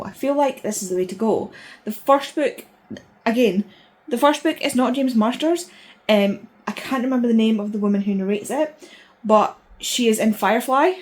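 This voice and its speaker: A woman in her thirties, chatting casually and excitedly in a rambling way as a book vlogger, sounding tired. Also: fairly high pitch. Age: 30s. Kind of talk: casual vlog chat.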